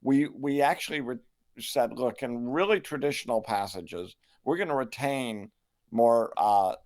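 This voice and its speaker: An older man, a New Testament scholar, answering interview questions in a measured, reflective way with frequent restarts. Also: medium pitch, a little mellow. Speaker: New Testament scholar and Bible translator, guest.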